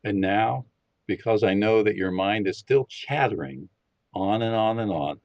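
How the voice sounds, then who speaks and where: Man, deepish voice, lively pitch, leads a calm guided meditation; lo-fi dry recording. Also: no room sound. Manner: calm, slow, instructive. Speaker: podcast guest leading a meditation. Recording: dull lo-fi, dry sound.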